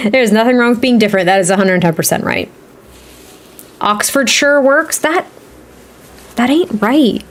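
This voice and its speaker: A woman live streaming while she builds in a game, chatting and rambling to her viewers and laughing often. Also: a little high. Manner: talks to chat viewers, reads their comments.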